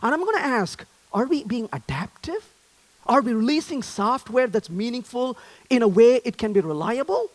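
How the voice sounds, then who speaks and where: A man's voice: very high voice, expressive, normal speed. A man giving a conference talk on stage, joking and asking the audience questions. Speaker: conference speaker.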